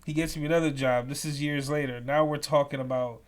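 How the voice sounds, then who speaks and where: A young man telling profane, animated work stories as a podcast co-host. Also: on the high side, brisk. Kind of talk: casual storytelling.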